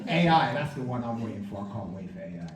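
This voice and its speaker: Crude, lively comedian on stage. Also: male voice, mid-range voice, fast talker, far from the mic, noisy background. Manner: crude, rowdy, laughs through his lines. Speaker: stand-up comedian. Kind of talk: stand-up comedy set. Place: comedy club with live audience. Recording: echoey room, from afar, loud crowd.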